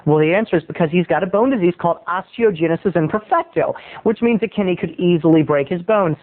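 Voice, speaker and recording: A man's voice: sits high, expressive, fast talker, few pauses. A man, a video blogger, telling a rambling comic story in a theatrical way. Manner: theatrical, rambling, jumps into voices. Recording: muffled lo-fi phone-like sound.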